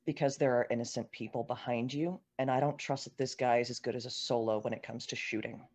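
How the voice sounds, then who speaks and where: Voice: medium pitch, steady tone, fast, darkish tone. Earnest player at a tabletop game. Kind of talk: in-character table talk.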